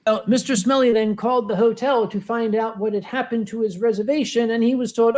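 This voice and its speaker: A man, a convention organizer, telling an anecdote on a panel and acting out the quotes with lively voices. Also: extremely high pitch, a little fast, few pauses. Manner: lively storyteller who acts out the quotes.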